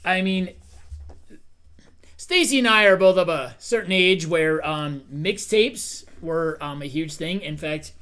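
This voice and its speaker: Middle-aged male host, light voice, relaxed rambling delivery. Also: fairly high pitch, a little slow, clear, resonant tone. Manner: easygoing, rambling with fillers and repeats. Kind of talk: casual chat.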